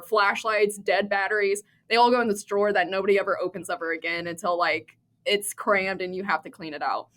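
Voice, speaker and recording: A medium-pitched woman from the US Midwest, a cybersecurity expert appearing as a guest on a conversational podcast, tells a lively anecdote and laughs often.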